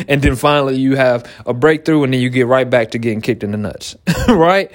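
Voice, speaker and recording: A man, a small business owner, giving a motivational talk to entrepreneurs in an animated way, repeating key phrases and laughing often. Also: mid-range voice, a little fast.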